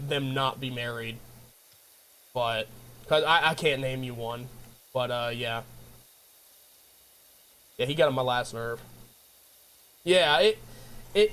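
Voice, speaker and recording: A man's voice: on the high side, fairly bright tone. A man streaming and chatting with his viewers, ranting in a rambling way with lots of restarts. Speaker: game streamer. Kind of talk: casual chat with stream viewers.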